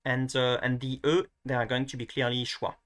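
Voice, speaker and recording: A man with a bright, forward voice talks through a casual screen-share lesson. He hesitates often, restarts his sentences and fills the gaps with ums. Now and then he pokes fun at himself. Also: mid-range voice, monotone, fairly quick. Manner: hesitant, many restarts and fillers; self-mocking. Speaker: video tutor.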